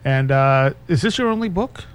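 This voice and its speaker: A man's voice: fairly high pitch, animated, normal speed, smooth. A man hosting a college radio interview show, giving short affirmations and reading station information. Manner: brief affirmations, laughs along.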